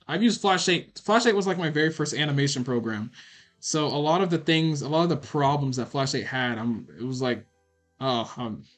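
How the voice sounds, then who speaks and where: A young man answering chat questions on a casual livestream, rambling and swearing with many fillers. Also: mid-range voice. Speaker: animator streaming a Q&A.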